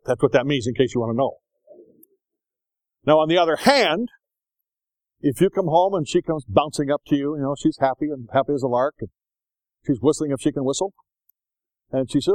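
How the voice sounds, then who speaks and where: An older man preaching a sermon in a folksy, animated storytelling way, slipping into voices as he tells stories. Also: on the high side, fairly quick, long pauses, dry recording, low-quality recording.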